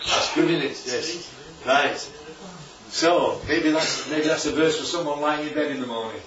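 Animated yet unhurried, a man with a fairly high, somewhat bright voice gives an informal church talk with slides in a church hall. "Right?" and "isn't that lovely?" come up often as he speaks to the congregation. The recording is roomy, distant, and dull, with slight background noise.

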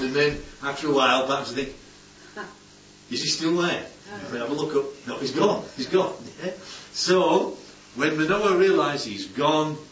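Man preaching in a lively, sing-song way to a small gathering, heard from across a roomy hall on a dull, muffled recording with faint room noise behind him. He talks conversationally and keeps asking "yeah?". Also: mid-range voice, far from the mic. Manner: chatty, keeps asking "yeah?", playful asides. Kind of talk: informal Bible-study sermon. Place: church hall with congregation.

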